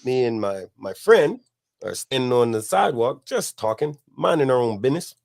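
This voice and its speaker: A middle-aged man, hosting a podcast and telling a long, profane story in a relaxed way, laughing as he goes. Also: mid-range voice, moderate pace, creaky. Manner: laid-back, profane, laughs at his own story. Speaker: podcast host. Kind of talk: casual storytelling.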